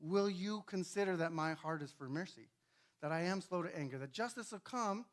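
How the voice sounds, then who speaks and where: A man voicing God as a calm, patient father figure who reasons gently in a lower, quieter voice. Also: moderate pace, close to an everyday voice. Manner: soft, low, reasoning gently.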